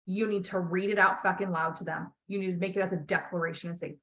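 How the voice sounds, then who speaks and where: A woman's voice: on the low side, fairly even intonation, fast, bright, forceful tone, poor audio. A woman coaching a client on a call, talking bluntly, swearing freely and encouraging her. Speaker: life coach.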